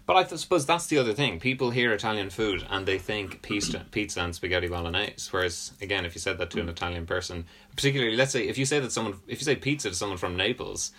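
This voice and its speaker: A man's voice: lowish voice, quick pace, few pauses, bright, forceful tone. A British man in a casual comedic chat, rambling through self-deprecating stories. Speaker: podcast co-host.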